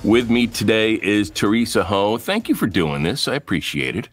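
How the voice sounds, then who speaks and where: A man's voice: fairly low pitch, animated, moderate pace, soft background music. A man hosting a podcast interview, chatty and rambling with a self-mocking humor. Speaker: podcast host. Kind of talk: casual interview chat.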